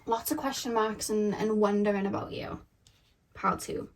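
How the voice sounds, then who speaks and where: A woman giving a pick-a-card tarot reading to her viewers, talking in a gentle, unhurried and intimate way. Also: mid-range voice, fairly even intonation, poor audio.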